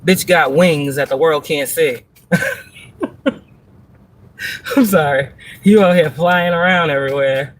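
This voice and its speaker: A woman's voice: low-pitched, a little slow, pauses often. A woman reads tarot live, blunt and heavy on profanity. She drives each point home with rhetorical questions and breaks into laughter often. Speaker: tarot reader on a livestream. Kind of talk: live tarot reading monologue.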